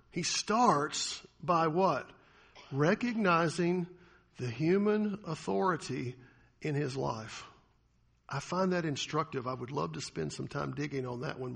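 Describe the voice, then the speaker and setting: A male pastor delivers a sermon with a rough, gravelly texture and a breathy, husky edge. His voice sits slightly higher than most men's. He keeps it conversational and turns to the congregation with questions. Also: fairly bright tone.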